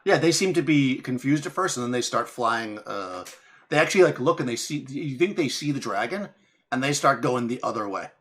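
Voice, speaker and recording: A young man serving as game master for a tabletop game describes the scene loosely and ramblingly. His animated, slightly bright voice sits at a middle pitch for a man, and he keeps restarting sentences and breaking into quick laughs.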